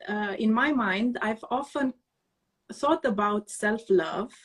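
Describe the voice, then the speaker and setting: Romanian-native lady hosting an interview, a bit high voice, attentive. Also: slow, slightly rough. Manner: attentive, brief affirmations. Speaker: host. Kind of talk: interview over a live video call.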